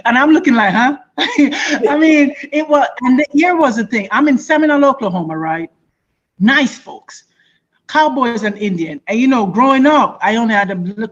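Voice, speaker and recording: A woman's voice: fairly high pitch, expressive, measured pace, dull audio. A woman with a Jamaican accent, a guest on a radio interview, who tells stories with energy and acts out other people's voices. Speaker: guest, former basketball player.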